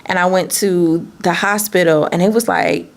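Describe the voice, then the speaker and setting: Gravelly-voiced woman telling a candid story. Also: fairly low pitch, normal speed. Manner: candid, animated, swears freely. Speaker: business owner and vlogger. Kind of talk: storytime vlog.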